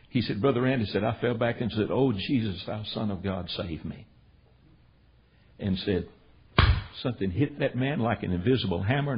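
Middle-aged male preacher with a rough, husky voice, folksy and emphatic, on a muffled lo-fi recording. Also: mid-range voice. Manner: folksy, emphatic, repeats "said" while retelling stories. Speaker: preacher teaching the Bible. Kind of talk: storytelling sermon.

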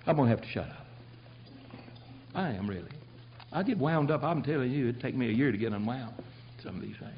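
Older man, country-style pastor, folksy preaching, loud then soft, dull lo-fi church tape. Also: medium pitch, animated, a little fast, pauses often, slight background noise. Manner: fiery folksy preaching, swinging between loud and quiet. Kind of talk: sermon. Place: church sanctuary.

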